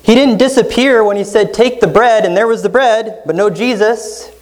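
Male pastor for a teaching sermon: steady explanatory delivery, keeps checking in with the room through rhetorical questions, reads scripture aloud. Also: high-pitched, moderate pace, poor audio. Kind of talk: expository sermon.

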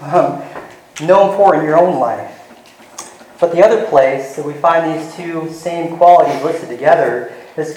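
A man with a high voice preaches earnestly, guiding listeners through scripture in a teaching style and acting out scenes with lively voices. The recording is low quality with a roomy sound.

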